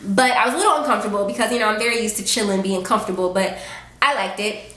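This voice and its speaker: A woman vlogger telling a story in a casual, animated, sassy way. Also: medium pitch, very fast, background noise. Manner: animated, sassy storytelling with lively acted quotes. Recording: roomy echo.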